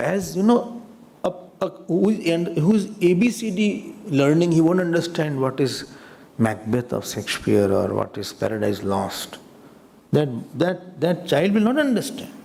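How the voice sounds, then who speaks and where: Man with an indian accent, spiritual teacher, animated delivery, slightly gravelly tone. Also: on the high side, moderate pace. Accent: Indian English. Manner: animated, teasing the audience and laughing between points; lively storyteller who acts out quoted voices. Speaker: swami teaching scripture. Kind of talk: spiritual discourse to a live audience.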